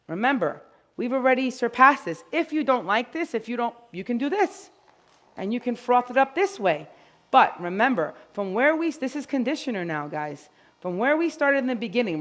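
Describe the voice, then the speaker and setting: Chatty woman demonstrating dog grooming. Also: on the high side. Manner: energetic, chatty, jokey. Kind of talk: live grooming demonstration to an audience.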